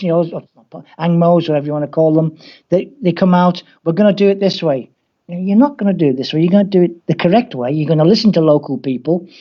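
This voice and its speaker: A man from England with a Scouse accent, a football coach telling wry stories in an interview. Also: fairly high pitch. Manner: anecdotal, wry, acts out quoted voices. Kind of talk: storytelling interview. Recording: dull lo-fi audio.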